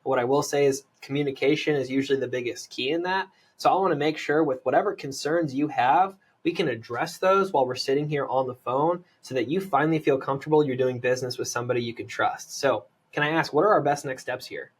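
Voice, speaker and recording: A man's voice: mid-range voice, fast, hardly any pauses, husky. Persuasive American man coaching on sales. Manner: energetic, persuasive, lots of "right?" tag questions. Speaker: land investor, podcast guest.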